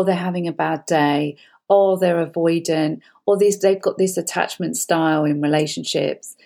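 Her voice is mid-range, creaky, and a little mellow as she speaks as a guest psychologist. Giving conversational advice, she is earnest and explanatory, frequently going back over the same points.

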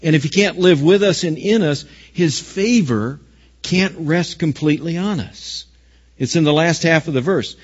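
Pastor, male, fairly high voice, emphatic sermon delivery, lo-fi recording. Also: normal speed, slightly rough. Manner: emphatic preaching, rising loud on key phrases.

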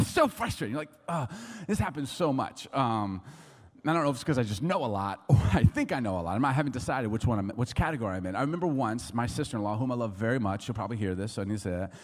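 A man's voice: medium pitch, very animated, fast talker, darkish tone. A middle-aged male pastor preaching a sermon with humorous storytelling, joking and laughing often. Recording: long reverb of a large hall.

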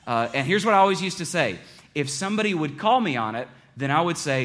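A man's voice: a little high, big pitch swings, fast, a bit bright. A man preaching a sermon as a pastor, earnest and conversational, often repeating his phrases.

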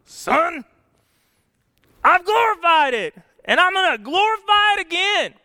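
A man voicing God as a folksy rural father, loud and drawling with a put-on redneck accent. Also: very high-pitched, big pitch swings, a little slow, in a large hall, voice pushed up, heavily acted. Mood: booming reassurance. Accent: Southern US redneck (put on).

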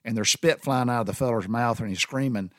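A man's voice: mid-range voice, fairly quick, fairly bright tone, dry recording. Man, Southern US accent, rambling folksy talk, mid-range voice, dry close mic. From Southern United States. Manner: folksy and rambling, with many restarts. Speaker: Navy veteran explaining sailor slang. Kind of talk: casual spoken monologue.

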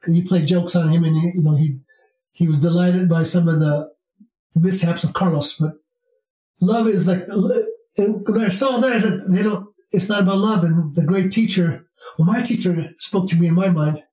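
A man's voice: high voice, normal speed, a little mellow, far from the mic. A man telling a spiritual story in a rambling casual way, with many restarts and fillers. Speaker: spiritual teacher. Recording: roomy sound, from off mic.

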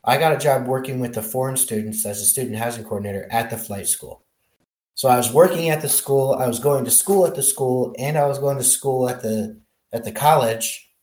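A man being interviewed as a helicopter pilot, telling his career story in a lively way and often restarting his sentences. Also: medium pitch, a little fast. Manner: animated storyteller, many restarts. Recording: roomy echo.

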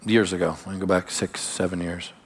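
A man preaching a sermon as pastor, emphatic, with sudden drops to quiet asides. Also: sits low, little pitch movement, fairly quick, husky. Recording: long hall reverb.

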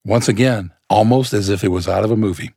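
A male podcast co-host narrating a scripted segment in a measured, earnest way. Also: lowish voice, mellow, slightly rough, dry recording, studio quality.

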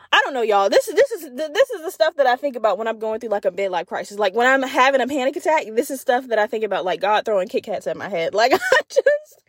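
Animated young woman, dry close voice. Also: fairly high pitch, no room sound. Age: 20s. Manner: animated, comedic, profane storytelling; frequent fillers like "like". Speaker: podcast host. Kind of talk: casual solo podcast monologue.

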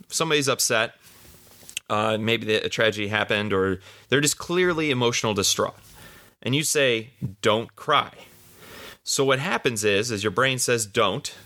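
Male podcast host, mid-30s, bright forward tone, earnest conversational self-help delivery. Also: medium pitch. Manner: earnest, conversational, repeats himself. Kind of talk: casual self-help monologue.

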